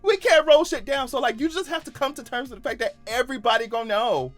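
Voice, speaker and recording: Bright-voiced man giving animated comedic commentary. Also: very high-pitched, fast talker, soft background music. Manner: animated, laughing, profane and exaggerated. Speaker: YouTube commentator. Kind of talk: casual comedic news commentary.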